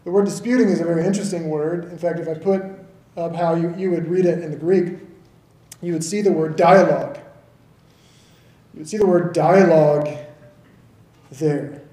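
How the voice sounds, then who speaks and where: High-voiced pastor in an echoey hall. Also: male voice, steady tone, normal speed, long pauses, dark tone. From American South. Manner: conversational, asks the congregation "right?" often. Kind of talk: sermon.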